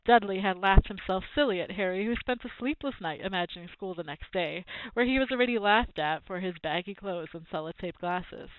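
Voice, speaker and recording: A woman reads a children's book aloud, lively and expressive in her storytelling. Her voice is dry and close. The sound is thin and narrow, like a phone line. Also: mid-range voice, fairly quick, few pauses, no echo. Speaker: reader.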